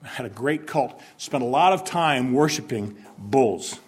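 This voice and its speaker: A male pastor delivers a sermon to his congregation at an ordinary pitch, neither high nor low. He leans on key words with emphasis and breaks off to put questions to the listeners, sometimes acting out a stern warning. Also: lively intonation, measured pace, husky.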